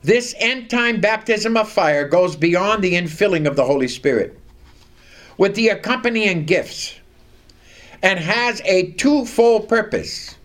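Slow, high-voiced male preacher. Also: lively intonation, fairly bright tone. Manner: reads scripture aloud and has the congregation repeat lines; slow, deliberate emphasis on key words. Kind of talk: sermon.

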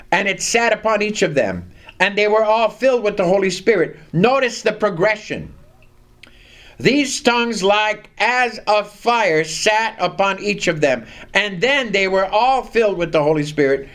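Male preacher, high and lively voice, slow deliberate sermon delivery with scripture reading. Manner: reads scripture aloud and has the congregation repeat lines; slow, deliberate emphasis on key words.

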